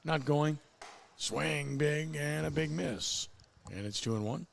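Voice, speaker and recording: A man calling baseball play-by-play, his voice rising sharply in pitch and volume on big plays. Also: slow, vocal fry. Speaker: play-by-play announcer.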